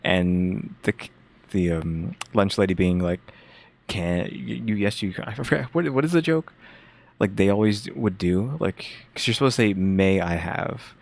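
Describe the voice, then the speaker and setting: A man co-host offers halting, puzzled asides in casual chat. His voice is very deep and carries a gravelly fry. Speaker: reaction show co-host.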